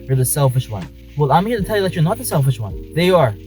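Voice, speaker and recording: A man's voice: a little high, big pitch swings, quick pace, mellow, faint music behind, low-quality recording. A man vlogging from inside a car, speaking passionately and emphatically, repeating his points. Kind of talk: talking to camera in a car.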